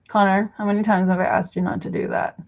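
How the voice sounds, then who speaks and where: A woman's voice: medium pitch, flat delivery, quick pace, lo-fi sound. A young woman in her apartment scolding her pet bird over and over in simple, broken phrasing, exasperated and lecturing. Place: apartment indoors.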